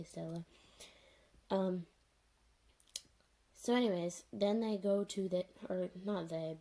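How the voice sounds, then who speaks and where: Mellow-voiced young woman ranting casually. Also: medium pitch, creaky. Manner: rambling, filler-heavy, sarcastic. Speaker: TV reviewer vlogger. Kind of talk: unscripted casual rant.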